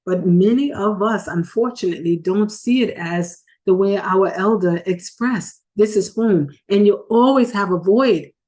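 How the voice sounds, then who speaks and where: A woman's voice: medium pitch, a little slow, few pauses, darkish tone. A woman talking earnestly and emotionally in a casual vlog recorded in her car. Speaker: video host.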